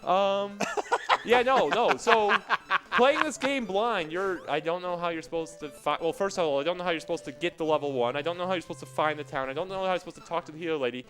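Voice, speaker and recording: High-voiced joking male game commentator. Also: fast, fairly bright tone, faint music behind, rough recording. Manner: joking, rambling explanations with laughs. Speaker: speedrunner. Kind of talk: live commentary while playing.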